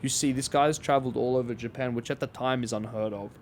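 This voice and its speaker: A man's voice: mid-range voice, fairly even intonation, quick pace, slight background noise. A man hosting a podcast in casual chat, rambling through tangents with swearing and acted-out quotes. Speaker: podcast host.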